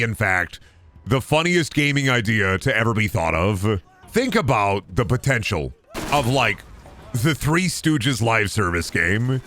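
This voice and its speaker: A man's voice: mid-range voice, bright, forceful tone. A man in his thirties streaming games, chatting casually in a rambling, profane, jokey way and riffing on chat. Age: 30s. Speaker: game streamer.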